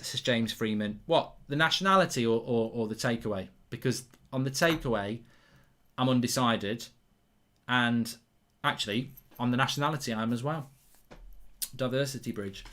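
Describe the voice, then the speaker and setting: A man's voice: mid-range voice, normal speed, fairly bright tone. A man hosting a football watchalong live stream, chatting casually and reading out viewer comments in a rambling, self-mocking way.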